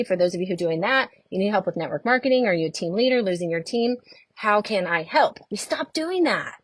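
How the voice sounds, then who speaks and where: A middle-aged woman coaching on a live stream, chatty and animated, who greets viewers by name as she talks. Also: mid-range voice, fairly quick, dry recording. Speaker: network marketing coach.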